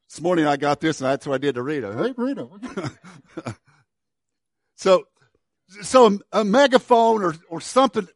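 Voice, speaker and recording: A middle-aged man preaching a sermon in a conversational way, restarting and repeating words, and dropping to a quiet low voice on key words. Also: big pitch swings, moderate pace, long pauses, no echo, studio quality. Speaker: pastor.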